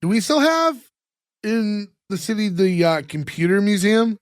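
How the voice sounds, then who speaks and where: A man, chatting loosely on a podcast. He recaps scenes with lots of "like" and quick put-on quotes, recorded dry and close. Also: high voice, very animated, dry recording. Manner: rambling, filler-heavy recaps with put-on quotes. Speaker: podcast co-host. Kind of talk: casual chat.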